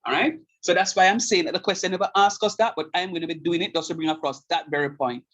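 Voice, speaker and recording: On a rough recording of a classroom math lecture, a middle-aged man covers calculus as a fast talker with a high, somewhat bright voice. He stresses important points by repeating them and makes sure the class keeps up.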